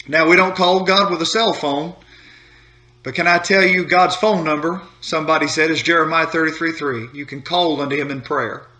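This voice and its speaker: High, bright-voiced preacher. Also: male voice, steady tone, normal speed. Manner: folksy storytelling preacher, repetitive and building. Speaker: pastor. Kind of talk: short devotional sermon. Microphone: holding a phone while speaking to camera.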